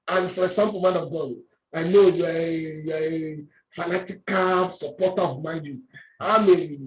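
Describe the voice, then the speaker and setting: A woman's voice: on the low side, slight background noise. Woman preacher, stretches her words out, lots of hallelujahs, roomy echo. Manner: emphatic, drawn-out words, call and response. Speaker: pastor. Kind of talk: preaching a sermon in dialogue. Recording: echoey room.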